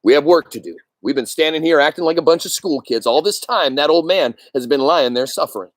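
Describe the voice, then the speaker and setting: A firm, no-nonsense leader of a hunting party , read by a man doing the voices. He speaks with plain authority and gives clear orders. The delivery is close and dry. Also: on the high side, lively intonation, a little fast, dry recording, lightly acted. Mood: stern. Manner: firm, commanding. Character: stern grown man taking command.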